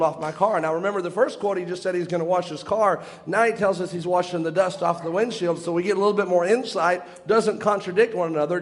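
High-voiced man preaching earnestly. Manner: earnest, explanatory, quotes long passages then comments. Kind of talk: sermon retelling stories and quotes.

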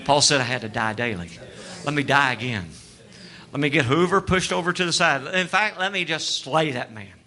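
A male preacher, delivering a sermon that moves between hushed, tender passages and loud, animated storytelling. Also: on the high side, a little fast, few pauses.

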